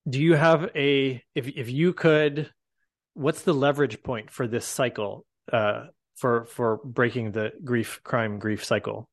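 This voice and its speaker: Slow, hesitant male interviewer. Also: mid-range voice, steady tone. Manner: hesitant, thoughtful questions with fillers. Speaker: interview host. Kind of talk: conversational interview.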